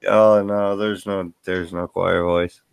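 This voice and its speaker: A man's voice: low-pitched, flat delivery, takes it slowly, gravelly, slight background noise. Laughing man chatting on a stream. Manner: laughs often, jokes around. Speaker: friend on a family livestream. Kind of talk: casual chat.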